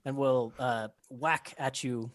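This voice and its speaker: A man's voice: medium pitch, fairly even intonation, slow pace, no room sound. A man narrating as game master of a tabletop game, describing scenes with many ums and restarts.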